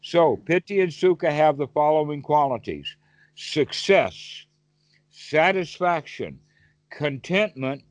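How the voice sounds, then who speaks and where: A man's voice: fairly high pitch, expressive, takes it slowly, no room sound. A man teaching meditation over a call, asking his listener questions and giving vivid everyday examples. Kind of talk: Dhamma talk on a call.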